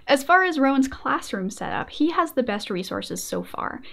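Playful, animated young woman host. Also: sits high, normal speed, vocal fry. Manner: playful, animated, frequent laughs. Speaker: video essayist host. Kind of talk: casual commentary.

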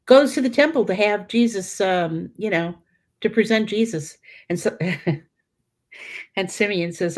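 A woman's voice: mid-range voice, slow, darkish tone. A middle-aged woman giving informal religious teaching, chatty, with many fillers and restarts. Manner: conversational, many fillers and restarts, acts out quoted voices. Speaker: Catholic teacher leading a prayer study.

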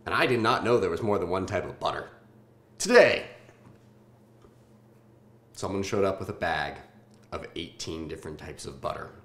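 A man in his twenties from Southern California hosting a casual food-tasting vlog, joking and swearing in deadpan asides. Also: low-pitched, normal speed, long pauses, roomy sound. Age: 20s.

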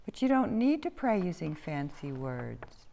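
A woman voicing a kind, gentle female storybook character who speaks approvingly and giggles. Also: low-pitched, very animated, unhurried, creaky, full character voice. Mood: kindly.

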